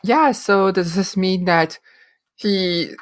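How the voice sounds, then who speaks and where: A woman co-hosting a podcast, recapping a TV episode with animated storytelling and frequent laughter. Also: medium pitch, takes it slowly. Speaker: podcast co-host. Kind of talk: casual chat, recapping a TV episode.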